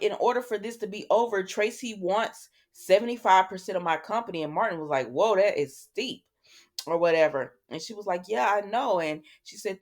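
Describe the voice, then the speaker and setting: A woman talks through a soap opera episode in a relaxed, chatty recap with a mid-range voice. She retells each scene by loosely quoting the characters, stumbling over restarts and fillers as she goes, and tosses in offhand asides. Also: mid-range voice.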